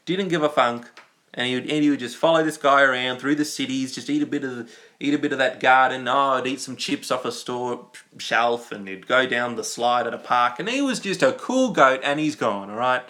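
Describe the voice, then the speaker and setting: An Australian man in his young adult years chats through a livestream, answering viewer comments off the cuff. His voice is bright and forward, sitting at an ordinary middle pitch. He rambles, restarts and slips into silly asides. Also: a little fast. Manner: rambling and goofy, with playful asides. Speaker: livestream host. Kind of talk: casual live-stream chat reading viewer comments.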